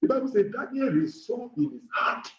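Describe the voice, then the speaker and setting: A man preaching and leading a fervent, repetitive prayer, sometimes breaking into shouting and speaking in tongues. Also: very high-pitched, big pitch swings, normal speed. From Nigeria. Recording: echoey, dull lo-fi room recording.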